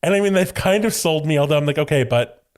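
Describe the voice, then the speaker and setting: A man co-hosting a podcast in casual chat, animated and giggly, speaking in quick bursts. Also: a little high. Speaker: podcast co-host.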